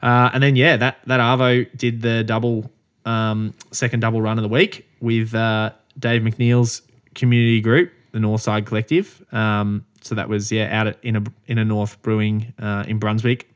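Young Aussie male co-host, low-set voice, chatty and animated, quick laughs. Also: smooth. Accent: Australian. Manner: animated storyteller, laughs often, acts out others' lines. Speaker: podcast co-host. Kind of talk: casual chat.

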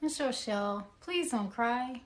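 Grateful young woman, polite and effusive; actress, a touch higher-pitched. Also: lively intonation, measured pace. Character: grateful young woman Tiffany, newly converted. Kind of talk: audio drama acting.

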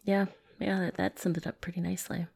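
A woman's voice: lowish voice, little pitch movement, fast talker, creaky, darkish tone, breathy edge. A woman co-hosting a podcast, chatting casually with dry, wry remarks. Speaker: podcast co-host. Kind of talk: casual chat.

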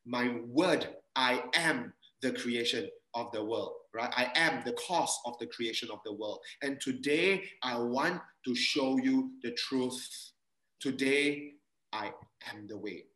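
A man's voice: mid-range voice, measured pace, fairly bright tone, roomy sound, low-quality recording. A male pastor, giving an interactive sermon and quizzing his congregation. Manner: asks the congregation questions and reads their answers aloud. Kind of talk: interactive sermon with online quiz.

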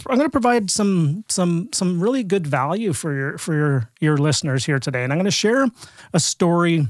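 A middle-aged Canadian man tells a long story as a podcast guest, with a somewhat high voice. He talks in a loose, chatty way, repeating words and starting over. The sound is dry and close. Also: no echo. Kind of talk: storytelling in a casual interview.

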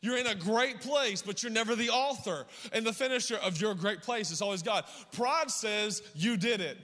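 A middle-aged man preaching a sermon as pastor, his voice hoarse and worn from yelling, with a rhythmic delivery and call-outs to the congregation. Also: high voice, normal speed, long reverb tail.

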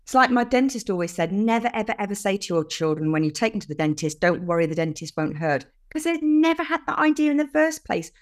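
An older woman, a podcast guest explaining things earnestly with lively emphasis in casual conversation. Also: mid-range voice, fast talker, few pauses.

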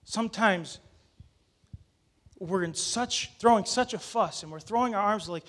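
Bright high-voiced man preaching. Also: measured pace. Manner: storytelling, rising to urgent exhortation. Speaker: pastor. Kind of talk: sermon.

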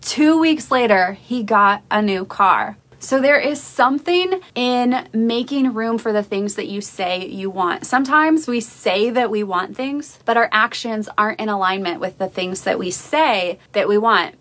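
A woman's voice: medium pitch, expressive, measured pace, few pauses, fairly bright tone. A young adult woman hosting a motivational podcast, talking in an upbeat, encouraging storytelling way over a livestream recording. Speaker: podcast host. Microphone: livestream video recording. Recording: faint music behind, Facebook Live audio.

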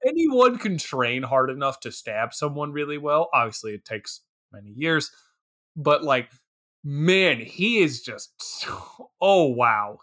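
A man co-hosting a casual movie podcast, animated and quick to laugh, talking with lots of filler words. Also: fairly high pitch. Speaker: podcast co-host. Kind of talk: casual movie review chat.

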